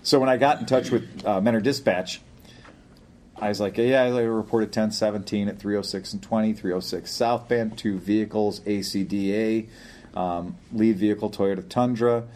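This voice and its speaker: A man's voice: on the low side, fairly even intonation, normal speed, a little mellow. An older man in casual podcast chat, telling a long story in a rambling way and chuckling often. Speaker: podcast co-host.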